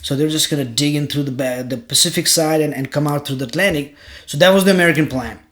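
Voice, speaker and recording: A man telling a history story in casual chat, animated, swearing freely and acting out the quotes. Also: fairly high pitch, fast talker. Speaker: podcast host telling a story.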